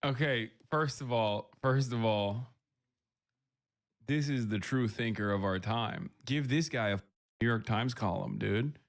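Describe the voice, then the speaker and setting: A man's voice: medium pitch, unhurried. A man reacting to videos on a live stream, casual and sarcastic with some swearing.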